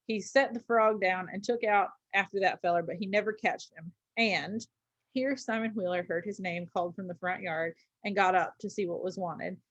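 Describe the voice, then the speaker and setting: A woman's voice: medium pitch, no room sound, poor audio. A woman teacher reading a story aloud to a class, with casual asides and small slips.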